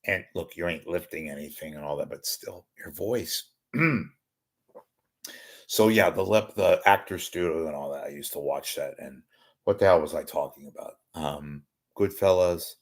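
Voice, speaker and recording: A man with a very deep, low voice hosts a live talk show on his own. He meanders from story to story, interrupts himself, and drops dry wisecracks in an unhurried, deadpan way. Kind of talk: rambling live solo talk.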